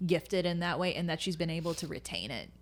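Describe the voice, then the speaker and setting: A woman's voice: sits low, animated, brisk. A woman from the United States, a comedian guest telling stories in a casual podcast chat and laughing often. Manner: chatty storytelling, laughs often.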